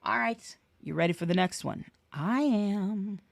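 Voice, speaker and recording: A woman's voice: medium pitch, a little slow, gravelly, no echo. A woman tutoring real estate exam questions in a live webinar, playful and chatty. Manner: playful, chatty, sings snippets and cheers.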